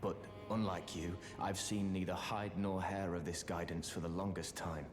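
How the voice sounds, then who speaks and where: A courteous, wry wandering sorcerer, voiced by a man with a low, deep voice, talking politely and at a measured pace. He sounds like a game character, with a roomy, echoing space and a long reverb trailing his words. Clear game music plays behind him. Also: flat delivery, lightly acted.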